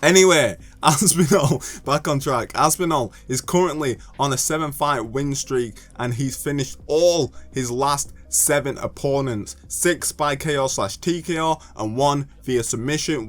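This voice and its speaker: A young man with a British accent talks through his picks in a casual video, at a mid pitch that sits in the usual range for a man. He jokes and rants by turns, pushes his voice up when he gets worked up, and trips over names as he goes. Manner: jokey and animated, ranting, stumbles over names. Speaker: gaming video creator.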